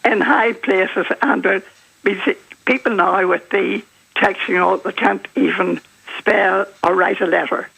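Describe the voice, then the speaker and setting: A woman's voice: medium pitch, steady tone, unhurried, vocal fry, a bit bright, slightly rough. An older woman from Northern Ireland with a Northern Irish accent, phoning in to a radio talk show, indignant and emphatic. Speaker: caller. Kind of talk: radio phone-in. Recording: phone line.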